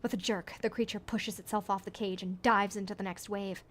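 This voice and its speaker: A woman's voice: medium pitch, fairly even intonation, brisk, a bit bright, slight background noise. A woman reading an interactive story aloud, adding playful joking comments and laughing often. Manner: playful, laughs often, jokes between read passages.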